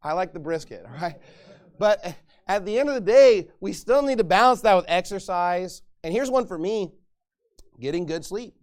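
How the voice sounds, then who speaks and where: Here a middle-aged pastor gives a sermon at a normal speed, his voice pitched high. The delivery is energetic and conversational, with quoted voices acted out and the odd laugh.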